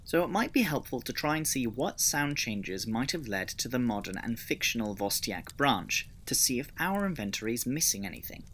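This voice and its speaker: A man's voice: medium pitch, big pitch swings, normal speed, few pauses, fairly bright tone, a little hiss or hum. A man narrating a scripted lesson on building a constructed language, methodical and explanatory, with dry personal asides. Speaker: conlang video creator.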